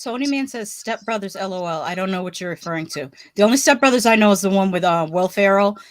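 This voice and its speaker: A woman's voice: mid-range voice, expressive, fast talker, no echo. A woman co-hosting a casual livestream chat, laughing often and reading comments from the chat aloud. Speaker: co-host. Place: home, live stream.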